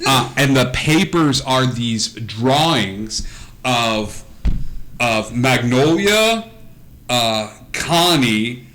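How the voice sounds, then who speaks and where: A man narrating as game master in a tabletop game, rambling with lots of fillers and animated storytelling. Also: mid-range voice, very slow, a little hiss or hum, low-quality recording.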